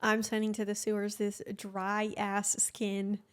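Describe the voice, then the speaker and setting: A woman's voice: medium pitch, completely flat delivery, unhurried, clean tone. A young woman from Argentina, native Spanish speaker, co-hosting a podcast and explaining things patiently. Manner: explains things patiently, thinks aloud with fillers. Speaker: podcast co-host. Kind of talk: casual chat.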